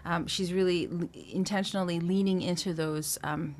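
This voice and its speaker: A woman vocal coach explaining singing technique, talking through each point with filler sounds and quick checks with the listener. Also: fairly low pitch, steady tone. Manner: talks through points with frequent "um" and checks of "right?".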